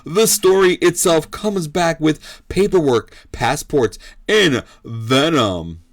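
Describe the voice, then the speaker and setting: A man doing a booming fight-night ring announcer. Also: lively intonation, takes it slowly, no room sound. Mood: hyped. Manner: booming, punchy play-by-play calls. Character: hyped male boxing ring announcer and commentator. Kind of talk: mock fight commentary.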